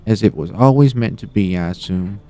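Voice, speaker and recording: A man's voice: lowish voice, brisk, dark tone, pitched above the performer's own voice, natural voice. A man voicing an elderly, chatty grandmotherly woman who folksily calls everyone dearie, reading game dialogue on a live stream. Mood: sweetly rambling.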